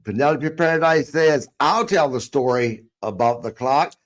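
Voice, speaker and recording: A man's voice: mid-range voice, moderate pace. A man hosting a podcast, upbeat and casual, reading out viewer comments. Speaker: podcast host.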